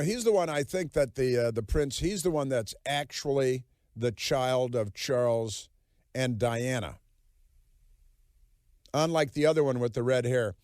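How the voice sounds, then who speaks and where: A man's voice: medium pitch, darkish tone, no room sound, studio quality. A man hosting a political talk radio show, delivering a sarcastic, mocking monologue with plenty of fillers.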